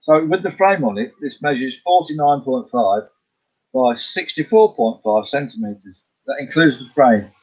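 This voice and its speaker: A man's voice: mid-range voice, expressive, normal speed, darkish tone, breathy edge, dull audio. A middle-aged Scottish man chatting casually about his paintings, rambling, chuckling and answering his own questions. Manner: rambling, chuckling, talks to himself. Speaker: artist vlogger.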